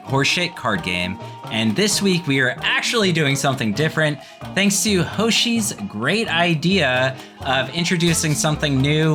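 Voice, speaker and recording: Male podcast host running a quiz game, relaxed and joking, lively ups and downs in his voice, with music behind. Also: mid-range voice. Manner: laid-back, joking quizmaster. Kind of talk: casual podcast chat.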